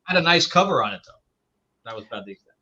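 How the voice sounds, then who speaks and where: A man's voice: mid-range voice, expressive, rapid-fire, sharp tone, highs cut off. A man co-hosting a podcast in casual chat, blunt and opinionated. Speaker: podcast co-host.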